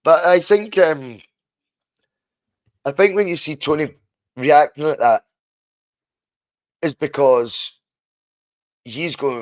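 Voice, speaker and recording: A man co-hosting a football podcast over a video call, talking in an animated way and swearing freely. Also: fairly high pitch, measured pace, pauses often, no room sound. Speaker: podcast co-host.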